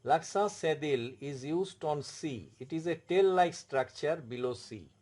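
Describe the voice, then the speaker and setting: A man with an Indian English accent teaching a French lesson, explaining slowly and repeating words and spelled-out letters. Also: a little high, lively intonation, darkish tone. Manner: slow, repetitive, spells out letters. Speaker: French tutor. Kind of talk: classroom explanation.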